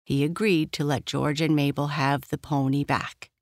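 A narrator reading a bedtime children's story in a gentle, even storytelling voice. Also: medium pitch, normal speed, dry recording, studio quality.

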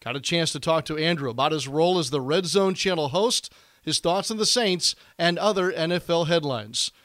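Casting: male radio host, fairly high voice, friendly and easygoing, dry close sound. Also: normal speed, fairly bright tone, no room sound. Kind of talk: conversational interview hosting.

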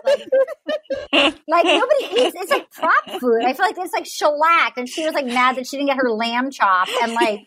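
A woman co-hosting a podcast, casually recapping a dating show in an animated, rambling way with lots of swearing and filler words. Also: high voice, normal speed, a little hiss or hum. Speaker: podcast co-host.

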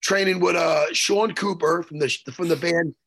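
A man co-hosting a casual podcast, talking in an animated, profane, teasing way. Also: on the high side, normal speed, vocal fry, husky. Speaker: co-host.

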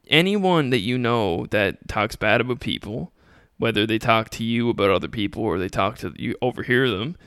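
Bright-voiced young man hosting a podcast. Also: fairly low pitch, clear, resonant tone, dry recording, clean studio sound. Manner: casual, motivational, acts out mocking critics in quotes. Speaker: podcast host. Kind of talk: solo Q&A podcast talk.

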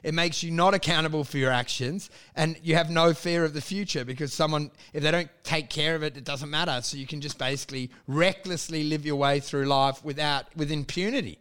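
A young Australian man with a notably high-pitched voice chats in a loose, profane way. He jumps from idea to idea and acts out other people as he goes. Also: fairly quick, few pauses, clean tone. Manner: animated, swearing, acts out people in bits. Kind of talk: casual chat.

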